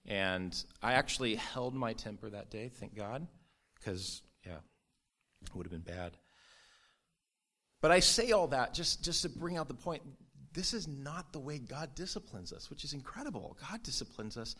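A male pastor delivering a sermon at a medium pitch. He talks earnestly and conversationally, lifting his voice for emphasis. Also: big pitch swings, normal speed, sharp tone. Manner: earnest, conversational preaching with sudden rises in emphasis.

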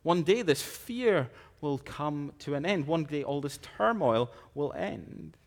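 A man preaching a sermon, earnest and measured, slowing down to stress key phrases. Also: on the high side, expressive, vocal fry. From Scotland.

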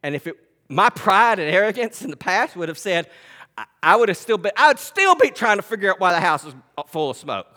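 A male pastor preaching a sermon. He swings between loud, emphatic scripture reading and quiet, conversational storytelling. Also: sits high, big pitch swings, a little fast, long reverb tail. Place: church sanctuary.

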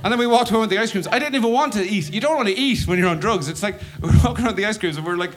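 A man's voice: high-pitched, quick pace, a little hiss or hum. An Irish man doing stand-up, telling a story and acting out his own panicked inner voice. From Ireland. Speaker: stand-up comedian.

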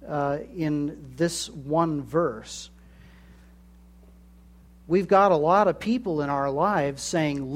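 A man delivers a sermon at an unhurried pace. His voice sits a little high, and he acts out the voices he quotes as he preaches. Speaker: pastor.

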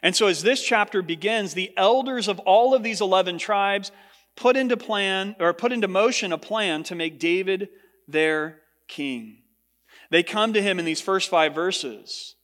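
A man preaching a sermon as pastor to his congregation, earnest, his voice lifting when he voices what others said. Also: a bit bright. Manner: earnest preaching, rising in pitch for quoted speech. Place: large church hall. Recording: long hall reverb.

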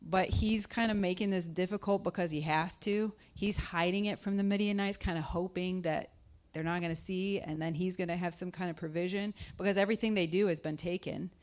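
Fairly quick with few pauses, this woman's slightly mellow voice holds a fairly even intonation. As guest speaker she preaches in a conversational way, asking the audience questions and acting out scripture voices with pitch jumps.

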